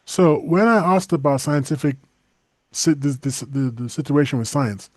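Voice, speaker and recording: A man co-hosting a casual podcast discussion, chatty and animated, laughing often and restarting his sentences. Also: medium pitch, moderate pace, no room sound, studio quality. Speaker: co-host.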